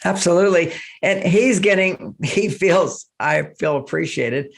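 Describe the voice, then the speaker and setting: An older man with a somewhat high voice talks casually as a guest in an interview. He gets animated and acts out quoted speech to make his point. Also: unhurried, creaky. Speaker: relationship author, guest.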